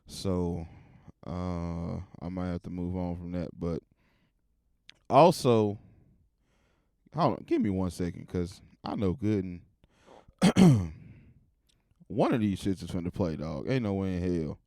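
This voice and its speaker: A man's voice: deep voice, lively intonation, slow pace, pauses often, dark tone, no room sound, clean studio sound. A man hosting his podcast, rambling casually with plenty of swearing while he loads clips. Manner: rambling, profane, talks to himself while loading clips. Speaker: podcast host. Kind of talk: casual chat.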